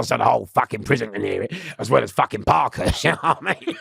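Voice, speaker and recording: Gravelly, loud man telling stories. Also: a little high, quick pace, no echo, studio quality. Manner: animated, rambling, laughing as he tells stories. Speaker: interview guest. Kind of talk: storytelling in a podcast interview.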